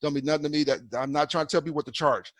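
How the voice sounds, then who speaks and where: A man's voice: fairly high pitch, level tone, rapid-fire, no echo. A man giving a folksy, conversational continuing-education lecture to eye doctors, often repeating himself.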